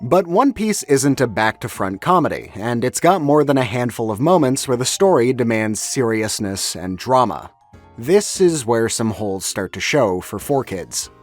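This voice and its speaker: A man's voice: mid-range voice, very animated, moderate pace, soft background music. A man narrating a scripted video essay in a wry, analytical way.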